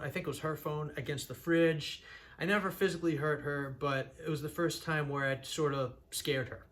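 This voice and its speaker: A young man from Massachusetts, USA, hosts a channel and tells his own story in a candid, earnest, rambling way, often restarting. His voice is fairly high and a bit bright.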